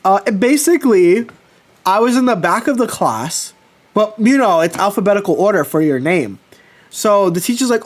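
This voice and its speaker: A man chatting casually with his livestream viewers, telling personal stories with lively swearing. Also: high voice, measured pace. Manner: animated storytelling, swears casually. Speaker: streamer.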